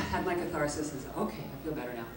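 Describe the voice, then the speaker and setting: A woman guest at a convention Q&A, telling a lively anecdote, acting out the quotes and laughing often. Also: low-pitched, fast talker, a crowd in the background. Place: large echoey convention hall. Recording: echoey hall, distant mic, background noise.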